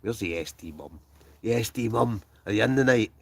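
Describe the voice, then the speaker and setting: Un hombre escocés que charla en directo desde su tienda de acampada y lee los comentarios del chat entre bromas, a veces murmurando. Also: male voice, lowish voice, animated, a little fast, gravelly, dry recording. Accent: Scottish. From Scotland. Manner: chatty, joking, trails off into mumbles. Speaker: wild camping livestreamer reading chat. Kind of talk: casual live-stream chat. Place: in a tent with a stove, outdoors at night.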